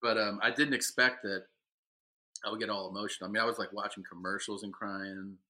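Bright, rambling podcast co-host man. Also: on the low side, fairly even intonation, fairly quick. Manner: rambling, self-deprecating, many fillers and laughs. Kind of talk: casual chat.

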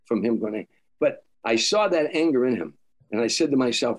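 An older comedian telling stories in an interview, animated, acting out quotes, with frequent stammers and restarts. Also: male voice, mid-range voice, quick pace. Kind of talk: storytelling interview.

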